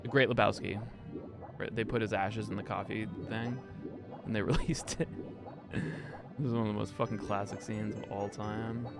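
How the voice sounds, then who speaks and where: A man's voice: lowish voice, steady tone, normal speed, creaky, long pauses. A young man chatting casually on a live stream, rambling and swearing with lots of fillers. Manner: rambling, profane, frequent fillers and laughs. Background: music playing underneath.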